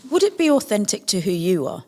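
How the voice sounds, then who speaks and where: A woman's voice: medium pitch, big pitch swings, brisk, dark tone. A woman hosting a podcast interview, asking probing follow-up questions. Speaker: podcast host.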